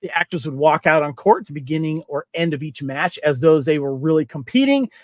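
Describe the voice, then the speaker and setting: A chatty man hosts a relaxed movie podcast, his voice sitting high for a man. He reads trivia aloud and laughs easily, and the sound is dry and close with no room around it. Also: brisk, no echo. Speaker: podcast host. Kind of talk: casual movie podcast chat.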